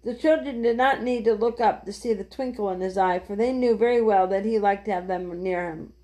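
A woman reading a children's book aloud gently, with small slips. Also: medium pitch, fairly quick. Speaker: storyteller.

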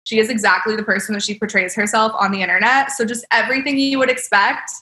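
A woman's voice: a little high, fairly even intonation, quick pace, sharp tone. A young woman, a makeup artist, telling stories in casual podcast chat, bubbly and laughing often, full of "like". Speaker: celebrity makeup artist guest. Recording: roomy echo.

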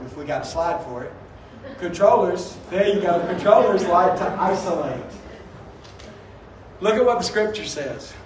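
A man, a pastor, preaching an animated sermon and acting out quotes with rising emphasis. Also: sits high, echoey room, recorded from a distance, slight background noise, rough recording. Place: church sanctuary.

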